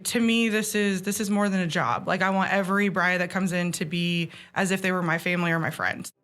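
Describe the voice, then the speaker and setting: A woman's voice: lowish voice, steady tone, a little fast, fairly bright tone, clear, resonant tone. A woman who works as a florist, talking casually about her work with frequent fillers. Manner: casual, uses fillers like "like" and "you know". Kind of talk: casual interview answers.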